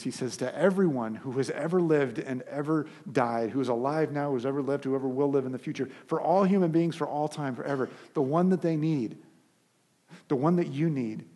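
A man preaching a sermon as a pastor, telling a story with animated energy and frequent restarts. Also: medium pitch, slightly rough.

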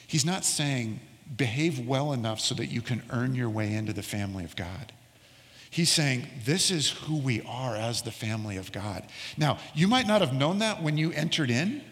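A middle-aged male pastor delivers a sermon in a mid-pitched voice, weaving a childhood story into scripture. He slows right down on the words he wants to land. The sound carries a long reverb of a church hall. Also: fairly bright tone.

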